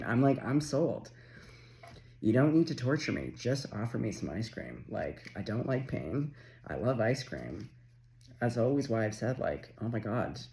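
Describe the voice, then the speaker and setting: A man from Canada doing a casual, chatty tarot reading, excitable and quick to swear. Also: on the low side, vocal fry. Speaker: tarot reader.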